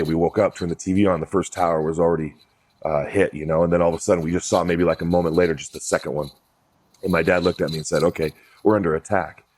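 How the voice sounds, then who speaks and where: Deep-voiced male podcast host. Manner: casual, direct, chatty questions. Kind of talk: conversational interview.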